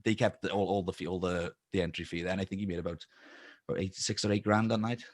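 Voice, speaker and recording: A man with a fairly low voice speaks up on a casual video call. He is new to the group and hesitant, and he pauses and restarts as he pitches his ideas. His tone stays friendly and conversational. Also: fairly even intonation. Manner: hesitant, many ums and restarts.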